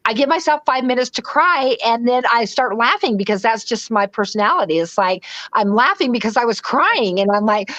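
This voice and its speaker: A woman's voice: fairly high pitch, animated, a little fast, few pauses, fairly bright tone, dry recording, muffled recording. A woman from the western United States, a guest in a casual interview, talking animatedly, acting out her own inner voice and laughing easily. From western United States (Utah, Idaho).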